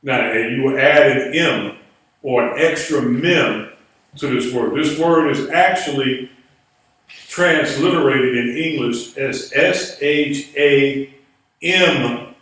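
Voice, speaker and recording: Slow, patient man teaching in an echoey room. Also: mid-range voice, fairly bright tone. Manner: spells words out letter by letter, patient explaining. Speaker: Biblical Hebrew teacher. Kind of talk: classroom lecture. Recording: echoey room, voice far from mic.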